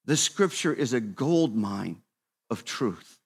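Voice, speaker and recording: A man in his fifties preaching a sermon to a room, conversational and repetitive, swinging between quiet asides and emphatic, raised exhortation. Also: medium pitch, lively intonation, slow pace, slightly rough. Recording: long reverb of a large hall.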